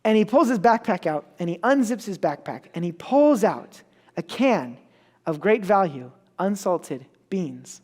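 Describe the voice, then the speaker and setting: A man's voice: sits high, expressive, measured pace, a little mellow. A young man giving a sermon, telling a story casually with self-mocking asides. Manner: casual and self-mocking, acts out the people in his stories. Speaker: preacher.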